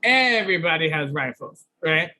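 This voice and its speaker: A man with a high, bright voice tells a comic story on a podcast. He is animated and throws himself into acting out everyone else's lines. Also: moderate pace. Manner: animated, acts out other people's lines. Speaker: comedian guest.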